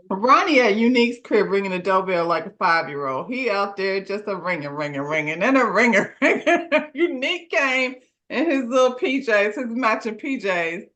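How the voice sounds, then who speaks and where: Her medium-pitched voice swings widely in pitch, with a fairly bright tone and moderate pace. As a co-host on a casual show, she recaps a TV episode in slangy storytelling full of laughter, voicing the characters' lines herself.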